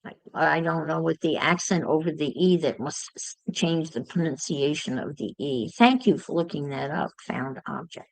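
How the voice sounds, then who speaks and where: A woman's voice: deep voice, normal speed, gravelly, hardly any pauses, no room sound, rough recording. A woman chatting casually to livestream viewers while she crafts, musing aloud as she works.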